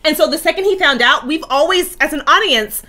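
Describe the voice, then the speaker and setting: A woman hosting a casual TV reaction chat, animated and freely swearing. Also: sits high, brisk. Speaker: host.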